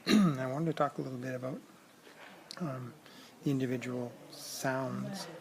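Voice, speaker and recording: Halting man with a gravelly voice. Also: mid-range voice, rough recording. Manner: halting, many ums and throat clearing. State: voice cracking. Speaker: vlogger learning a language abroad. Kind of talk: casual video diary. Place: busy public place at a concert hall. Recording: crowd noise behind.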